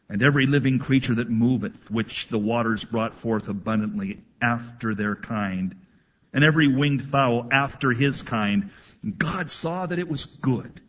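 A man preaching a sermon to his congregation, reading scripture aloud and adding animated asides. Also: mid-range voice, highs cut off. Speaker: pastor.

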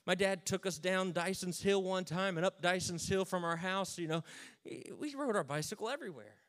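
Man with a higher voice telling a funny story. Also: normal speed. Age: 30s. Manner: self-mocking, dry jokes, lively retelling. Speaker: speaker telling a personal story. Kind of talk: humorous personal storytelling.

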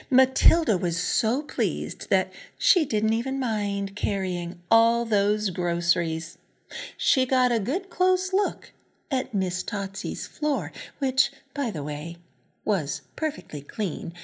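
A woman reading a children's storybook aloud in a soft, often whispery, expressive voice. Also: on the high side, takes it slowly. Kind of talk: storybook read-aloud narration.

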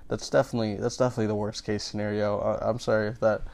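Comedian dude rambling on a podcast, kinda low voice, keeps tripping over his words. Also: little pitch movement, very fast, creaky, darkish tone, slight background noise. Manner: rambling, stammering restarts. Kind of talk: casual comedic podcast chat.

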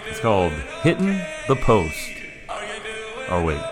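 A man's voice: on the low side, wildly swooping pitch, measured pace, over loud music. A man co-hosting a podcast in casual chat, playful and jokey, sometimes slipping into a sing-song delivery. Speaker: podcast co-host.

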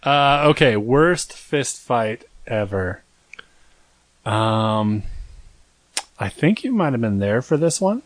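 A man's voice: mid-range voice, big pitch swings, slow pace, pauses often, no echo. A young man co-hosting a podcast, telling a long story in a rambling, self-deprecating way. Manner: rambling, self-deprecating, acts out quoted voices. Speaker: podcast co-host. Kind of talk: casual storytelling chat.

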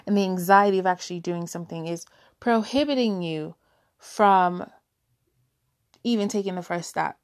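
A woman sharing her feelings in a candid personal monologue, halting and searching for words, becoming emotional. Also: mid-range voice, no room sound, studio quality. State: tearful, emotional.

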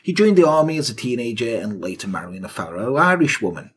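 A man's voice: mid-range voice, very animated, fast, a bit bright, a little hiss or hum. A man co-hosting a podcast, telling a historical crime story in a casual, crude, jokey way. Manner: crude, jokey, sarcastic asides. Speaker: podcast co-host.

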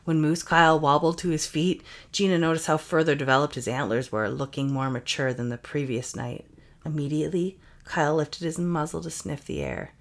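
A woman co-hosting a podcast narrates a tale in a brisk, even storytelling voice. Her voice is deep for a woman, low and steady throughout. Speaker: podcast co-host. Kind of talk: comic reading of an erotic story.

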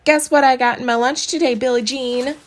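A piercing, whiny little country girl who shrieks and sobs her demands, pitched high above an ordinary speaking voice, as a woman reading the story puts her on. She is a small first grader who is loud, stubborn and quick to tears. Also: fairly even intonation, natural voice. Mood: boastful. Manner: shrill, sobbing country-kid talk.

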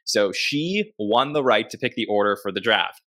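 A man's voice: fairly low pitch, expressive, moderate pace, sharp tone. A man hosting a podcast, introducing each guest in an upbeat, casual way. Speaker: podcast host.

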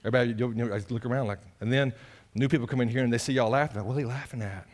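A male pastor preaching an animated, impassioned sermon. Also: medium pitch, very fast. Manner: animated, impassioned, acts out voices of others.

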